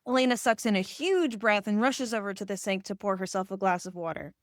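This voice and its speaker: A woman reading a screenplay's stage directions aloud in an even, plain way. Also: medium pitch, a little fast, dry recording, studio quality. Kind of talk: scripted narration.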